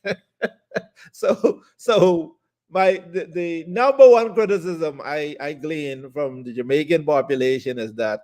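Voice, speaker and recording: Male talk co-host, slightly high voice, relaxed and chatty. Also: unhurried. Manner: easygoing, laughs often, many fillers. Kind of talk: casual chat.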